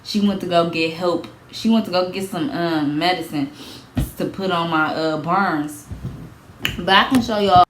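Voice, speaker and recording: A young woman telling a storytime vlog in a casual, animated way, repeating herself, swearing and laughing as she goes. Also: lowish voice, unhurried, echoey room, slight background noise. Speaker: vlogger.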